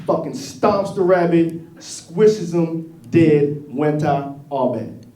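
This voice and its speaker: A man's voice: on the high side, slow pace, warm tone, a little hiss or hum. A man doing a stand-up set in a comedy club, profane and laughing at his own jokes. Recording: echoey room from far off, crowd.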